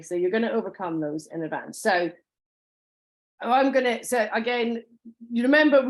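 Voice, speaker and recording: A woman giving an informal sales training talk, chatty, with many restarts and ums and acted-out customer lines. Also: a little high.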